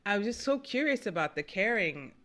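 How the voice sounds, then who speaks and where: A woman's voice: mid-range voice, very animated, brisk, a bit bright. A woman hosting an interview, asking curious questions and affirming her guest. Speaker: podcast host.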